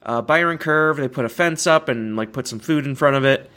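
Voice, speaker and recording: A man's voice: mid-range voice, a little fast, fairly bright tone. A young man, hosting a casual podcast and rambling through stories with frequent restarts and laughs. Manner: rambling, self-correcting, laughs often. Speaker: podcast host. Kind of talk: casual chat.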